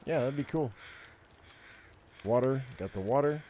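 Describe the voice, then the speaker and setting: A man's voice: medium pitch, unhurried, mellow, slight background noise. An older man giving casual, profane gameplay commentary, ranting and rambling with frequent restarts. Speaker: gaming streamer.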